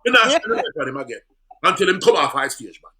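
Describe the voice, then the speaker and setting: Brief: a comedian doing a gruff Jamaican spotlight operator, put-on Jamaican accent, loud, defiant, high and pushed. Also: male voice, wildly swooping pitch, quick pace, full character voice.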